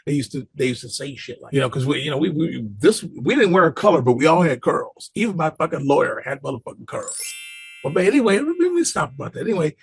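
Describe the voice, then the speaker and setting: A man with a gravelly, husky voice tells a story in a relaxed, casual way, leaning on loose street talk and cursing. His asides come back again and again as he talks. The sound is close and dry, with no room around it. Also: fairly high pitch, quick pace, no echo.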